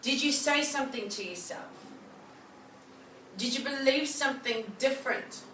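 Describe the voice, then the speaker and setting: A woman with a bright, forceful voice leads a group workshop, upbeat and encouraging. She sits a little high for a woman and sounds far from the mic in a roomy space with a faint hum behind her. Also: normal speed. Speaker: wellness coach leading a workshop.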